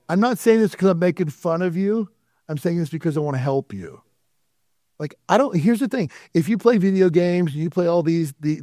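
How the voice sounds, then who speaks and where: Preaching in a church sanctuary, a pastor talks straight to his congregation in a conversational manner, using asides and quoted dialogue. His voice is on the high side and a little mellow, and the sound is dry and clean, like a studio.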